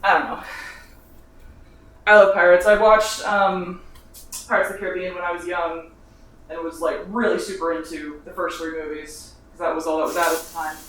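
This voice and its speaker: A man's voice: sits high, flat delivery, fairly quick, fairly bright tone. A young man in his twenties rambles through a casual cooking vlog, worn out and sick from sunburn. He mocks himself, swears freely and keeps breaking into laughter. His voice comes from a distance in an echoey kitchen. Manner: rambling, self-mocking, swears often, laughs between phrases. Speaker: vlogger. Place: home kitchen while cooking.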